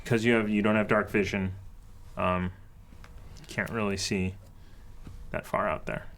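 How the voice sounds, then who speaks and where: A man's voice: on the low side, level tone, a little slow, a bit bright. A man narrating as dungeon master, describing scenes and laughing often. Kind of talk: narrating a tabletop game.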